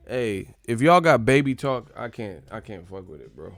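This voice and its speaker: Man, live-stream host, gravelly, mid pitch, dry close sound, profane joking chat. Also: lively intonation, normal speed, few pauses, no room sound, soft background music. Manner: profane, joking, mocking chat in silly high voices. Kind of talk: casual live-stream chat reading comments.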